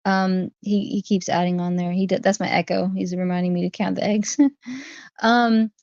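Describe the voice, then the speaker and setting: A woman's voice: medium pitch, level tone, normal speed, a little mellow, no echo. A woman hosting a casual livestream, talking through her viewers' chat comments one by one. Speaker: livestream host. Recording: dry, dull lo-fi stream audio.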